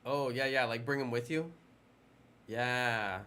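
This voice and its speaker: A man's voice: mid-range voice, slow pace, bright, forceful tone, clean tone. A man casually chatting with viewers during a game live stream, rambling and playful.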